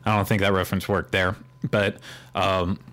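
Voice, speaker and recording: A man's voice: low-pitched, flat delivery, normal speed, fairly bright tone. A man co-hosting a podcast, rambling through casual chat with joking sarcasm. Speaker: podcast co-host.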